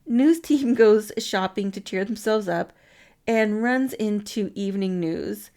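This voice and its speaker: A podcast co-host with a dark, medium-pitched voice speaks a little slowly as she reads a film recap from her notes. The chat is casual, and she giggles often.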